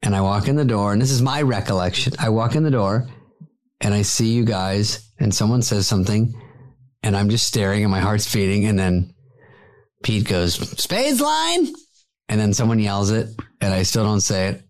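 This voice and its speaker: Low-voiced man telling a story. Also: fairly even intonation, brisk, darkish tone. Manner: profane, acts out quoted lines. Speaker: guest telling an anecdote. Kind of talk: storytelling in an interview clip.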